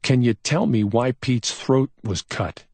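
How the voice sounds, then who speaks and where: Narrating a crime audiobook, a man gives voice to a male investigator whose questions are patient but keep pushing. His mid-range voice is raised in pitch and carries a breathy edge, and he takes it slowly. The recording is clean studio sound with no room noise.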